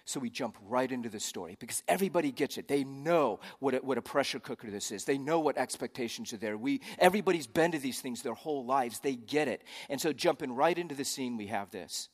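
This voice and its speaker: A man's voice: medium pitch, animated, fast talker, few pauses. Brief: male pastor, conversational sermon with jokes, hall reverb. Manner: conversational, joking asides.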